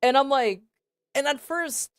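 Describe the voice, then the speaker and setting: A woman's voice: high-pitched, measured pace, no echo, studio quality. A woman streamer telling a story to her chat in a casual, rambling way, swearing often. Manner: swears a lot, animated and rambling.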